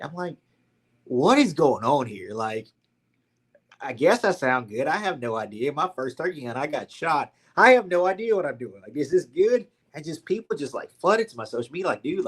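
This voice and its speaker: A man's voice: mid-range voice, breathy edge. A young man from Louisiana with a Southern accent, a podcast guest telling his story casually and animatedly, full of "like" and "man". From Louisiana, USA.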